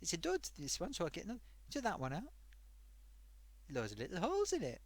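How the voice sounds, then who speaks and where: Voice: quick pace, no echo. A performer voicing a chatty old grandmother sock puppet who hosts a live stream and tells a rambling story. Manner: rambling, animated, wild pitch swings.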